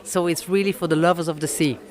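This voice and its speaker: French-accented woman, halting answers. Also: on the low side, steady tone, darkish tone. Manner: halting, many fillers, searches for English words. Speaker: oyster company owner. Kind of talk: interview answers.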